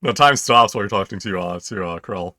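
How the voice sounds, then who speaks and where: A man narrating a tabletop game as game master, in a relaxed, rambling way with fillers. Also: fairly low pitch, brisk, no room sound, studio quality.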